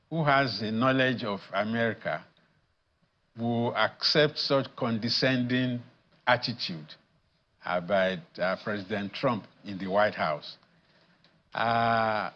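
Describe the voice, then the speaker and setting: A man, a guest addressed as professor, speaking in a measured, deliberate way with frequent pauses and fillers in a studio news interview. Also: mid-range voice, highs cut off. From Nigeria.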